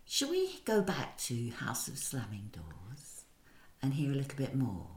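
A woman hosts an interview and keeps it moving with brisk questions. Her voice is strikingly deep yet lively in its rise and fall. The room around her sounds echoey. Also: a crowd in the background. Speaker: host. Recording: roomy echo.

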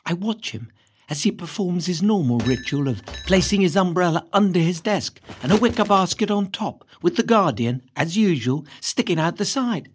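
A woman reading a first-person novel aloud in a lively, cheeky storytelling manner. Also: on the low side, normal speed, slight background noise. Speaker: reader.

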